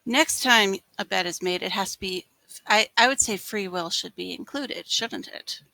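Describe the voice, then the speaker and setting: A woman player reasoning softly about her character's actions. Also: mid-range voice, moderate pace, vocal fry, no echo. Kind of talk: casual tabletop play.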